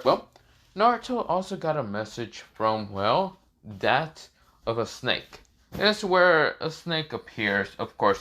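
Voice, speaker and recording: A man's voice: medium pitch, pushed and bright. A young man casually narrating a fan story, rambling and full of fillers.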